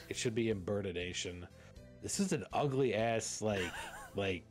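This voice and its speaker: A man's voice: lowish voice, unhurried, soft background music. A man streaming a game, reading the text aloud in a casual, joking way, stumbling over words and swearing.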